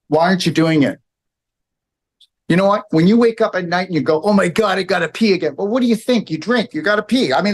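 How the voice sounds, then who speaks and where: In a room before a live audience, a man delivers a lecture in a voice pitched fairly high for a man. He tends to ramble, hammers his arguments, and habitually tacks on "okay" and "all right."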